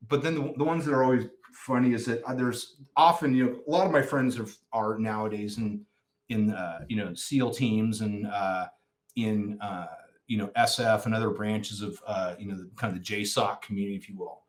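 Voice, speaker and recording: A man as a podcast guest, telling stories in a rambling, animated way during a casual chat. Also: fairly low pitch, normal speed. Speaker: podcast guest, nonprofit founder.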